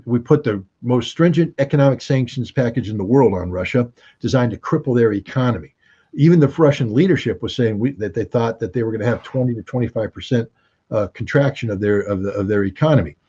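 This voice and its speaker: Husky-voiced man, sardonic commentary. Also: medium pitch, fairly quick, warm tone. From United States. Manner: emphatic, sardonic, rhetorical questions. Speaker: guest commentator. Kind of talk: interview commentary. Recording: dull lo-fi recording.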